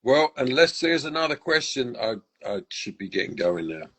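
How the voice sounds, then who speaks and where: A man's voice: medium pitch, big pitch swings, moderate pace, husky, low-quality recording. An older man from England, a musician guest telling stories in a casual interview, reflective and full of restarts. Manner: reflective, warm faith talk with many restarts.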